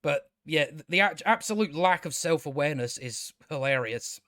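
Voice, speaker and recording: A man's voice: a little high, expressive, moderate pace, sharp tone, no echo, clean studio sound. A man hosting a casual spoken TV review, sarcastic and exasperated, swearing freely and restarting his sentences. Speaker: TV review channel host.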